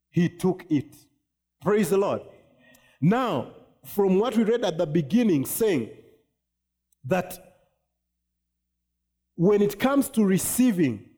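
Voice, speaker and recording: Male pastor, sermon delivery, higher-than-usual pitch with mellow tone, checks in with listeners often. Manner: preaching with wide swings in pitch, asking the congregation "you get it?".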